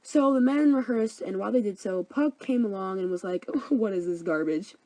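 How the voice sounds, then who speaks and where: A woman's voice: on the high side, normal speed, dark tone, dry recording, poor audio. A young woman narrating a comedic story summary in a flippant, slangy way.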